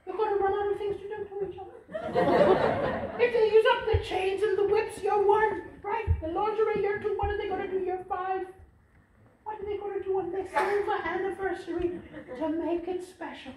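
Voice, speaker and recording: A man in his forties performing a stand-up comedy set, animated and shouting punchlines loudly. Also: extremely high pitch, normal speed, noisy background. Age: 40s. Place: live comedy venue with audience. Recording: echoey live room, distant mic, loud crowd laughter.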